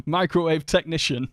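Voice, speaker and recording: A man with a Northern English accent, chatting casually and rambling through anecdotes while streaming a game, quick to laugh and swear. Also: on the high side, no echo, studio quality. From England. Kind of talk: casual live-stream chat while gaming.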